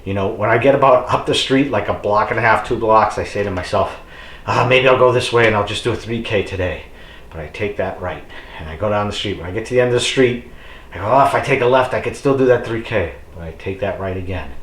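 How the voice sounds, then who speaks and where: A middle-aged man with a lowish voice gives a rambling, encouraging talk to his viewers, full of "uh" and "you know". His voice sits in an echoey room with a faint hum of ambient noise behind it. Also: a bit bright. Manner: chatty and rambling, with many fillers; encouraging, addresses viewers as folks. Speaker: fitness vlogger. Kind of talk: casual motivational talk to camera.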